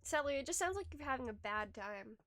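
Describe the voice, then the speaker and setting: A woman's voice: sits high, lively intonation, fast, fairly bright tone, no room sound. Rambling young woman streamer, dry sound. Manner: rambling, laughing, frequent restarts. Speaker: livestreamer. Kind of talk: casual stream chat reading chat. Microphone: desk microphone, close.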